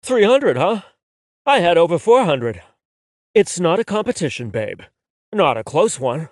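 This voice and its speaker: A brash young man who says whatever he thinks, as the male narrator puts him on. His lines jump up and down in pitch. The recording is dry and close. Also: sing-song, no echo. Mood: wry. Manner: blunt, shameless, quick-talking. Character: brash, blunt young man, the fake boyfriend. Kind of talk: audiobook dialogue.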